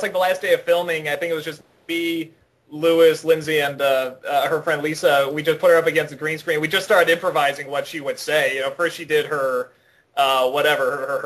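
A young man speaking in a casual panel interview, rambling with frequent restarts and bursts of excitement. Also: fairly high pitch. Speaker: web video creator interviewed about his film.

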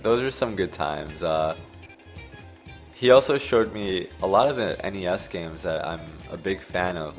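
Rambling man telling stories over gameplay. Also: low-pitched. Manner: rambling, laughing, distracted by the game. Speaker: gameplay commentator. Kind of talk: casual storytelling over gameplay.

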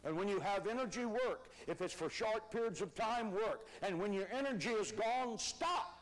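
An older man preaching a sermon as pastor, emphatic, rising to shouts on key words. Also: sits high, normal speed, low-quality recording.

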